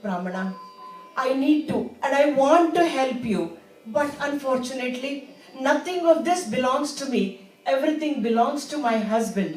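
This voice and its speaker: A woman storyteller voicing a gentle wife who speaks softly and apologetically. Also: sits high, expressive, brisk, reverberant, far from the mic. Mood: apologetic. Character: gentle frightened young wife.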